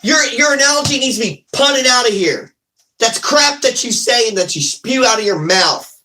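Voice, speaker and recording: A man giving an excited fan recap of a football game, animated and ranting, repeating himself. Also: very high voice, normal speed, poor audio. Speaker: sports fan vlogger.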